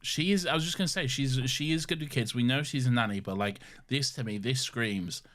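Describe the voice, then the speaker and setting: A man's voice: mid-range voice, a little fast, fairly bright tone. A man co-hosting a podcast, chatting casually and defending his opinions emphatically, often ending with "okay?". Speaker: podcast co-host. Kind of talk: casual chat.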